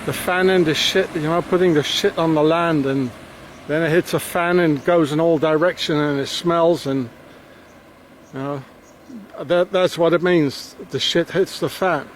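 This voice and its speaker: A man excitedly pointing things out as he walks, talking in a rambling, conspiratorial way outdoors. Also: fairly high pitch, unhurried, a little hiss or hum, low-quality recording. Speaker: vlogger. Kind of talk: rambling walking commentary.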